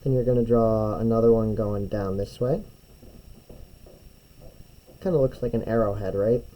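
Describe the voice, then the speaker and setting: A man's voice: fairly low pitch, normal speed, muffled recording, slight background noise. A young man who teaches music, walking kids through a drawing step by step in a patient, encouraging way. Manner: patient, step-by-step, often checks with "right?". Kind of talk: drawing tutorial lesson.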